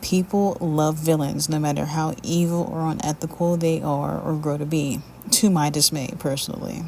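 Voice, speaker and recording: A woman's voice: deep voice, fairly even intonation, normal speed, vocal fry, warm tone, a little hiss or hum. A woman giving a blunt, profane commentary rant on a video she made, moving between heated complaints and chatty explanation.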